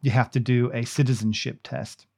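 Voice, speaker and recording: A man's voice: medium pitch, flat delivery, moderate pace, gravelly, darkish tone. Rambling, teasing man. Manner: rambling, many restarts, teasing. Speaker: podcast host. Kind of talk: casual chat.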